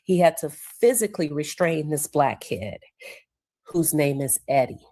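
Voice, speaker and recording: Woman livestream host with a deep, low voice; casual and chatty, stops to look at her notes. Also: lively intonation, warm tone. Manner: conversational, pauses to check her notes. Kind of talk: casual livestream commentary recounting court testimony.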